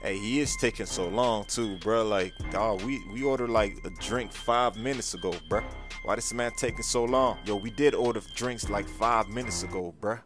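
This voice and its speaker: A man's voice: lowish voice, normal speed, music in the background. A man talking pushy slang in a casual game roleplay.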